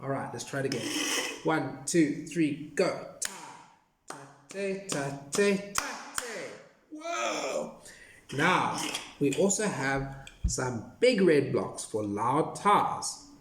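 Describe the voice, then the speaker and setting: Lively man teaching kids rhythm. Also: mid-range voice, takes it slowly. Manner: playful, animated, sing-song counting and clapping. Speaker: music teacher for young children. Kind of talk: children's music lesson. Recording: echoey room with background noise.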